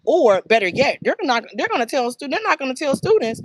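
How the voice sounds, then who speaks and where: A woman's voice: high-pitched, brisk, hardly any pauses, no echo. A woman who runs a child care center, speaking casually and emphatically, acting out bits of conversation. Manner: emphatic, animated storytelling with acted quotes. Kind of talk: casual talk to camera.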